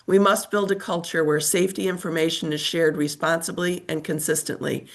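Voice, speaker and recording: An older woman with a scratchy voice reads formal prepared testimony over a remote call, measured and steady. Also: low-pitched, vocal fry. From United States. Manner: formal, measured reading of a statement. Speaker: testifying witness. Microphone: remote call microphone.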